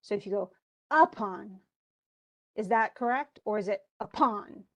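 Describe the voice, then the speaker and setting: A woman's voice: mid-range voice, fast talker. A woman instructor giving an online class lecture over a computer mic, talking conversationally with many restarts and check-ins with the students. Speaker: college English instructor.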